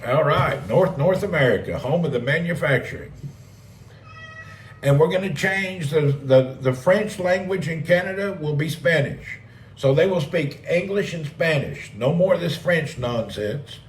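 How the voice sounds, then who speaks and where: A man's voice: fairly high pitch, unhurried, a little hiss or hum. A man hosting a casual live stream, rambling and joking as he reads and answers chat messages. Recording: roomy, distant mic with faint ambience.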